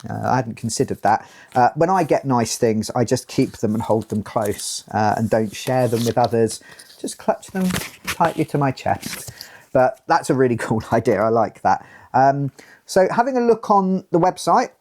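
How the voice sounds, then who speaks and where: A man's voice: mid-range voice, expressive, normal speed, a little mellow, a little hiss or hum. A British man hosting a casual unboxing, chatty, reading rules aloud with dry asides. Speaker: host unboxing a tabletop game.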